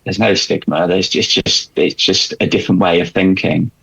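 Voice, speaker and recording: A man's voice: low-pitched, fairly even intonation, moderate pace, gravelly, fairly bright tone, breathy edge, low-quality recording. A man guesting on a podcast, telling his story in a rambling way with many restarts and fillers, and chuckling as he goes. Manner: chuckles while recounting. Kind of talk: candid storytelling chat.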